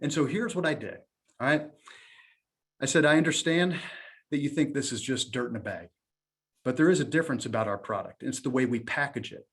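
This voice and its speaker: A middle-aged man giving a sales presentation, telling a story with lively quoted dialogue. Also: mid-range voice, a little fast, pauses often. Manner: animated storytelling, quotes others in his own voice. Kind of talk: conference talk with acted dialogue.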